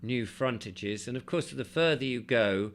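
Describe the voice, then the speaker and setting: A man's voice: medium pitch, unhurried, slight background noise. A man reading a travel book aloud to listeners and breaking off for chatty asides. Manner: chatty, breaks off to comment, animated in the read passages. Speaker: audiobook reader and host. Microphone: desk mic with keyboard nearby.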